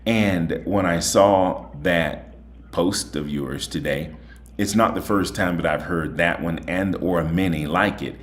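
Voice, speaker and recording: Male host, very low voice, folksy and chatty, a bit tired. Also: takes it slowly. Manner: chatty, folksy, repeats "okay?". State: voice a little tired. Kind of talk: casual monologue and phone chat.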